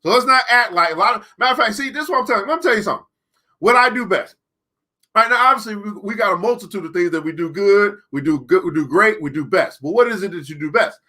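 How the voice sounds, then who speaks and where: A man hosting a live-streamed book club, talking emphatically, repeating key lines slowly and joking sarcastically between points. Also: high voice, expressive, sharp tone.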